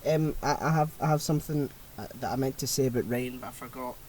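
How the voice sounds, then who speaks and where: A man's voice: medium pitch, fast talker, a little mellow, a little hiss or hum, low-quality recording. A man co-hosting a podcast from home, chatting casually in a rambling, sweary way that often breaks off mid-sentence. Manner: rambling, sweary, self-interrupting. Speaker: podcast co-host. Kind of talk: casual chat.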